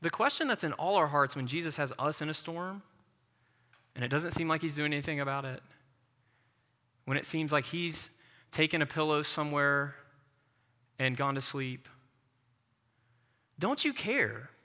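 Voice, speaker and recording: A man's voice: fairly high pitch, moderate pace, long pauses, sharp tone, big-room sound. A man preaching a sermon as a pastor, talking in an earnest, conversational way and mixing in personal stories. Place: church.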